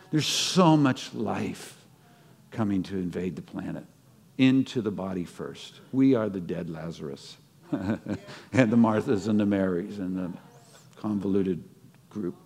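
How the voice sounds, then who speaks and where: A low-pitched man preaches a sermon in a church sanctuary, chatty and self-correcting, then climbing into fervent, urgent peaks. His voice rings out with a long hall echo behind it. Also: measured pace, creaky, darkish tone, husky. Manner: conversational preaching, stumbling restarts, laughing asides, rising to fervent peaks.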